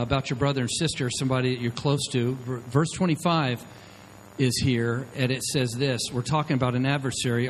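Speaking at medium pitch, a middle-aged pastor gives a sermon in a loose, storytelling manner, repeatedly asking listeners "okay?". The audio is poor, with a faint hiss behind him.

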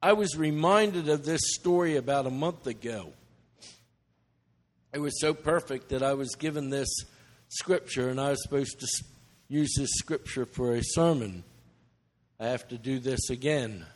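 A man's voice: medium pitch, normal speed. Earnest preacher man in reverberant hall. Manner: earnest, emotional, with restarts. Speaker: missionary preacher. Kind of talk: sermon storytelling. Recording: long church reverb.

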